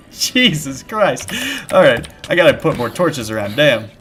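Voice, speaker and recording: A man's voice: mid-range voice, animated, normal speed. Young guy streaming a game, rambly, keeps restarting sentences, yelps when scared, faint music behind. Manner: rambling and self-interrupting, with sudden shouted panic at scares. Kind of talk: casual live-stream chat while playing. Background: background music.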